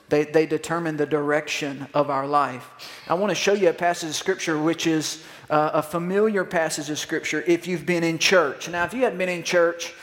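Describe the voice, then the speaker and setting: A man, preaching a sermon as pastor and asking the congregation to respond. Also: on the high side. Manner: animated, call-and-response with congregation. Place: church sanctuary. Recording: long hall reverb.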